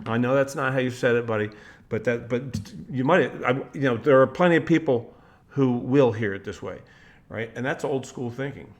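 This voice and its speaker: Speaking at normal speed with a medium-pitched voice, a motivational speaker rambles casually through his monologue. Sentences get restarted often, "like" fillers pile up, and he slips into the voices of people he quotes.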